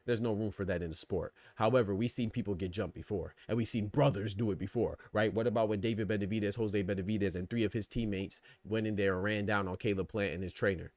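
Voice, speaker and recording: Fast-talking man with a low voice. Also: no room sound. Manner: animated, rhetorical questions, reads chat comments. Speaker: boxing podcast host. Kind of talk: casual live-stream commentary.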